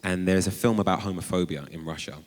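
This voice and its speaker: Deep-voiced man on stage. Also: fast talker. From North London. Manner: animated, jumps up high for quoted exclamations. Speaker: author and guest. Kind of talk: conversational storytelling on stage. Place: large chapel before a live audience. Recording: long hall reverb.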